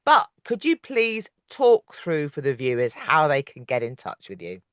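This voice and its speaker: A woman's voice: low-pitched, huge pitch swings, moderate pace, no echo, clean studio sound. A woman hosting a podcast who mostly listens with short affirmations, then wraps up the segment. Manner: warm affirming listener, brief responses. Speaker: podcast host. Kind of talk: casual podcast interview.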